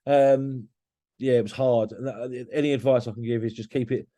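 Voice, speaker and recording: Blunt, swearing man, mellow voice. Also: mid-range voice, steady tone, moderate pace. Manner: blunt, swears freely, lots of restarts. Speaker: podcast guest. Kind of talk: candid podcast conversation.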